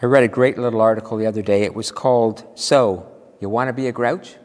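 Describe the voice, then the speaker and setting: A man preaching a sermon as minister, playful and animated, drawing out his exclamations slowly for effect. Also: mid-range voice. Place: church sanctuary. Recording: long hall reverb.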